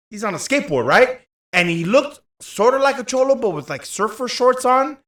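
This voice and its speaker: A man's voice: extremely high pitch, sing-song, moderate pace, few pauses, fairly bright tone. A man, telling a story in casual chat, acting out the voices and swearing freely. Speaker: co-host.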